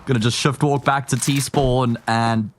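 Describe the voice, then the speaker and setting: A man with a South African accent giving live play-by-play commentary on an esports match, animated and jumping up in pitch when excited. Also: a little slow, a little hiss or hum. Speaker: esports caster.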